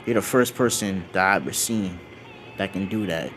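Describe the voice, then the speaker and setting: A man voicing a proud, sharp-tongued young female warrior in a spoken fan story, with a brisk, scornful manner. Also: low-pitched, faint music behind. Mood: astonished.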